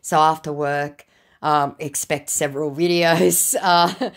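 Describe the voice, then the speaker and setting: A woman's voice: low-pitched, fairly even intonation, slow pace. A woman host sarcastically retelling a chat with a scammer in a mocking tone. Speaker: scam-baiting video host.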